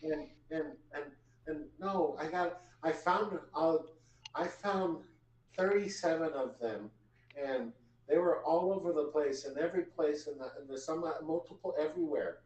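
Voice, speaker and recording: Guy putting on a shaken, teary woman who keeps tripping over her words, pitched a bit high and heard from off the mic in a roomy space. she rambles on, repeating every other word. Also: moderate pace, a little mellow, distant mic, a little hiss or hum, close to an everyday voice. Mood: shaken, rambling. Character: tearful, flustered woman, rambling in shock.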